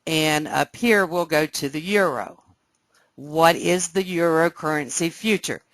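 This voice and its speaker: A woman teaching a live trading webcast, explaining step by step and often checking that listeners follow, sounding excited. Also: low voice, measured pace, dry recording. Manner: excited, animated. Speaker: trading instructor. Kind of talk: live trading room lesson.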